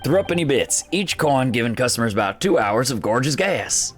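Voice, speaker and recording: A man voicing a boisterous, fawning gas company worker for a game, rowdy and excitable. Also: medium pitch, moderate pace, soft background music, natural voice. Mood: boastful.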